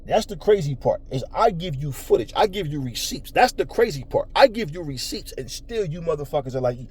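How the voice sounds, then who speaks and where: A man's voice: a little high, very animated, a little fast, slightly rough. A middle-aged man hosting a boxing talk show, ranting profanely and confrontationally at his audience and mocking their voices. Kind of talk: ranting commentary.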